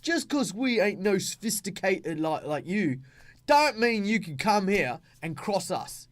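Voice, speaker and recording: A man voicing a rough, uneducated male barbarian street boxer in broken grammar, with an Australian accent. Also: high-pitched, big pitch swings, a little slow, no room sound, pitched above the performer's own voice. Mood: menacing. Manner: broken grammar, loud threatening bluster.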